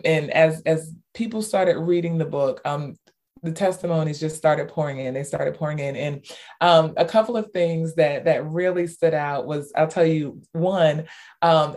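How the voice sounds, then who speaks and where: A woman author as an interview guest, telling stories with lots of fillers and bursts of excitement. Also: sits low. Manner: animated storyteller, many fillers, squeals in retold cheers. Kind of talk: casual interview talk.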